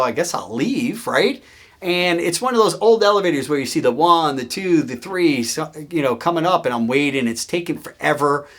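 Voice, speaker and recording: A man hosting his own show, telling a story about his career in a casual, animated way and acting out the people he quotes. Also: high voice. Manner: animated, acts out quoted voices. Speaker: host.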